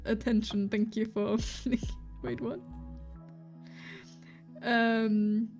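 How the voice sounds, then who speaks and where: A woman's voice: fairly high pitch, flat delivery, takes it slowly, darkish tone. A woman with a German accent, chatting casually on her stream and reading chat aloud, giggly and full of restarts. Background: faint lofi music.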